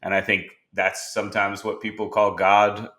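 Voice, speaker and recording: A man hosting a podcast, telling animated stories in casual conversation and acting out the dialogue of the people in them. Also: lowish voice, moderate pace. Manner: animated storyteller who acts out quoted dialogue. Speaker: podcast host.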